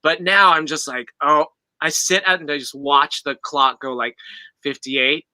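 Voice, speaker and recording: A man co-hosts a podcast from home over a video call. His voice is high and sharply bright, and it sounds dry and close. He chats loosely and laughs often. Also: steady tone, measured pace, dry recording. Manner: chatty, laughing, many "like" fillers. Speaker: podcast co-host. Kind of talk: casual chat.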